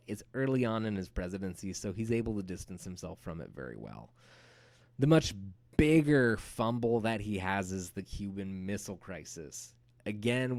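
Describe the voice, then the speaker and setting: A man teaching a recorded history lecture in a casual, lively storytelling way. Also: lowish voice. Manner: casual, animated storytelling with playful acted-out quotes.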